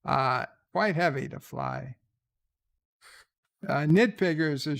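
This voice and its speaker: A man hosting a live stream, chatting casually and reading out viewer comments with frequent hesitant pauses. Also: on the high side, creaky, fairly bright tone. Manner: unhurried, with frequent hesitant fillers.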